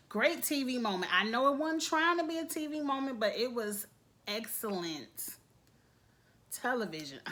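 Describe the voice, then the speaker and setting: Animated woman recapping reality TV. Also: medium pitch. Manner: animated, expressive, laughs often. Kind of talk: casual episode review.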